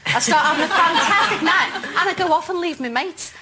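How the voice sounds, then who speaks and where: A woman's voice: extremely high pitch, animated, brisk, a loud crowd, very noisy. A woman in a casual group chat, speaking frankly and making fun of herself. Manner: frank, self-mocking. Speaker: panel guest.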